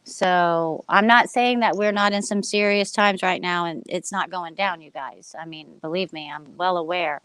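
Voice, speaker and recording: A woman's voice: fairly low pitch, fairly even intonation, normal speed, few pauses, a bit bright, clear, resonant tone, no echo. A middle-aged woman on a video call, talking earnestly about spiritual things in long rambling runs. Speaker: panel guest. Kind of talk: casual group chat on a call.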